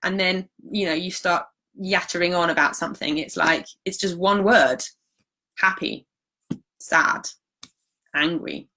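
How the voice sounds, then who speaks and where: A woman talks casually into her live-stream mic, her voice bright and clear. She sounds reassuring and chatty, filling her sentences with "like" as she answers viewers. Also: fairly low pitch, a little slow, long pauses. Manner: chatty, reassuring, many fillers like "like". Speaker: holistic practitioner hosting a live stream.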